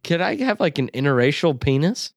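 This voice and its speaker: A man's voice: fairly high pitch, very animated, brisk, no room sound, studio quality, faint music behind. A man of twenty-three co-hosting a casual podcast with his father, laid-back and brief in his replies. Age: 20s. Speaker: podcast co-host, son. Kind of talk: casual chat.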